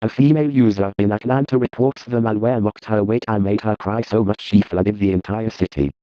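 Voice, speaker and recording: A man voicing a formal news anchor with a measured reading, in a parody newscast. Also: fairly low pitch, steady tone, no echo, lightly acted. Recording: dull, muffled sound.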